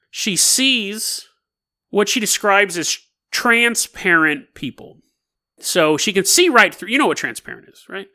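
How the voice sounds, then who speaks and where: A podcast host telling an odd story in a loose, animated way and laughing between lines. His voice sits high for a man and leaps around in pitch. The tone is bright and forward. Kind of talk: casual storytelling.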